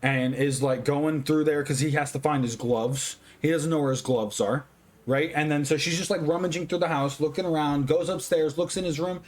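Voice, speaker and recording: A tipsy man giving a casual movie review, rambling, swearing constantly and getting excitable. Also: on the high side, moderate pace. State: tipsy, drinking.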